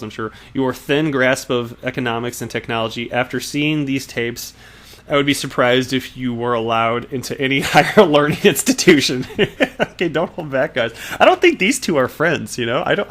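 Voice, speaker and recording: A man at an everyday mid pitch runs a casual vlog segment, reacting to news items and online spats. He chuckles often and drops amused asides. He trips over his words and corrects himself along the way. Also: expressive, brisk, fairly bright tone. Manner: frequent restarts and self-corrections. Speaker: crypto news channel host. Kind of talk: casual commentary on news and tweets.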